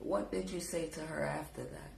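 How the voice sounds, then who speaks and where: A woman's voice: deep voice, moderate pace, gravelly, echoey room, slight background noise. A woman with a Jamaican accent, scolding and preaching in a sassy live reaction rant. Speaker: social media commentator.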